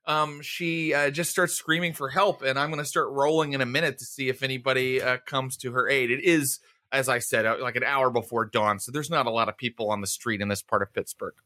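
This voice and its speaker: A man narrating a tabletop game as game master, talking in a halting, good-humored, conversational way. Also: medium pitch, steady tone, sharp tone.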